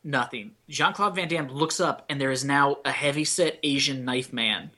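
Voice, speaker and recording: Bright-voiced wisecracking man on a podcast. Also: medium pitch, normal speed. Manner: sarcastic, wisecracking, swears freely. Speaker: podcast co-host. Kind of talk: casual movie-riffing podcast chat.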